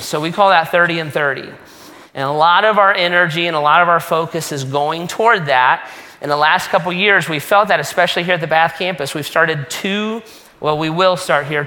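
A male pastor speaking to his church in an easygoing, joking way. His voice is bright and sits a little high. It carries a long reverb from a large church hall. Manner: casual, joking, conversational preaching. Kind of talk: sermon announcements. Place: church sanctuary.

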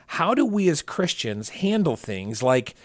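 A man's voice: on the high side, very animated, unhurried, no room sound, studio quality. A man hosting a church podcast, joking around and reading a listener's question aloud. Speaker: podcast host. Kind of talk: casual church podcast chat.

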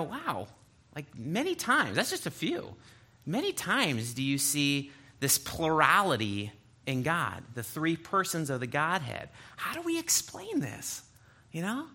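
A man's voice: on the high side, wildly swooping pitch, unhurried, bright, forceful tone, husky. A man preaching a sermon, reading scripture aloud and breaking in with explanatory asides. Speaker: pastor.

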